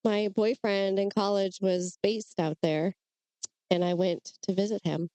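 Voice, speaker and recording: A woman's voice: medium pitch, steady tone, unhurried, mellow, clean tone, dry recording, poor audio. A woman co-hosting a podcast, chatting casually with short reactions and curious questions. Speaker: podcast co-host. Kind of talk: casual chat.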